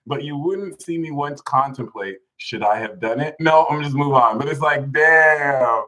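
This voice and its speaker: A man's voice: medium pitch, a little slow, hardly any pauses, a bit bright, rough recording. A man hosting a casual livestream, talking animatedly, laughing a lot and reading viewers' names from the chat. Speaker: livestream host.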